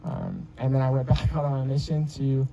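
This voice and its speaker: Recorded poorly with slight background noise, a young man in his twenties speaks at a moderate pace in a medium-pitched, level, dark-toned voice. It's his wedding speech as the groom, emotional and personal, and his storytelling rambles with many restarts and fillers.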